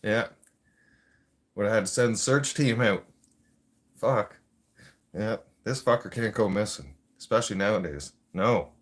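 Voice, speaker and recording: A man's voice: fairly low pitch, a little slow, pauses often. Blunt, swearing man ranting. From Canada. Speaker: livestream host. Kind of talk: profane casual rant.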